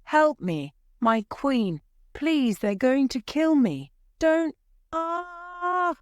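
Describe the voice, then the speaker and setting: A woman's voice: sits high, animated, slow, a little mellow, no echo, clean studio sound, voice pushed up. A woman voicing a terrified man who screams and pleads for help. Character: terrified man begging for his life.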